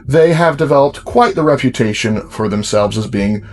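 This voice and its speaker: A man explains fictional lore in a casual, informative tone. His voice sits in a middle pitch. He talks as a channel host. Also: lively intonation, moderate pace.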